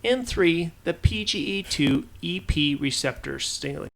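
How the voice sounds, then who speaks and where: A man's voice: a little high, animated, moderate pace, creaky. A man reading medical research news for a podcast, often stumbling and restarting on technical terms. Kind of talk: reading science news script.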